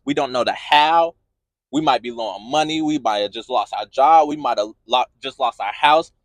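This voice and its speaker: Man, motivational faith talk, earnest, repetitive build-ups, mid pitch, dry close sound. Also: moderate pace, no room sound. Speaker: motivational podcast host.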